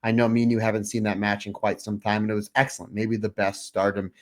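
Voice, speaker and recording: A man co-hosting a podcast over a remote link, telling anecdotes in a lively, laughing, casual chat. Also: on the low side, quick pace. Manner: animated anecdotal storytelling with laughs. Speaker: podcast co-host.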